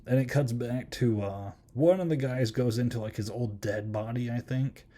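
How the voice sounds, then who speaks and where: A man's voice: medium pitch, normal speed, dark tone. A man hosting a podcast, chatting casually through a horror film review and rambling with many ums and likes. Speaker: podcast host.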